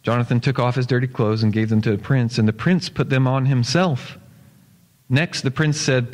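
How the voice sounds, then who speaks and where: Pastor telling a story in a reverberant church. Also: male voice, mid-range voice. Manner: steady storytelling, slowing for emphasis. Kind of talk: sermon, reading a story aloud. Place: church sanctuary. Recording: long church hall reverb.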